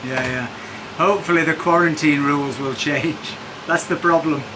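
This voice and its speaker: A man's voice: a little high, fairly even intonation, moderate pace. A man hosting a walking tour, chatting in a wry, self-mocking way while walking outdoors with a handheld camera. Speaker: vlogger, tour host. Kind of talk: casual walking-tour narration and chat. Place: outdoors in a seaside village street. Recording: outdoor street noise.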